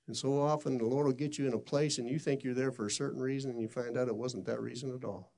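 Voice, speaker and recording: Gravelly male preacher, middle-aged, plain pitch, earnest and chatty. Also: fairly even intonation, quick pace, dark tone. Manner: earnest, conversational, with restarts. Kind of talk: sermon storytelling.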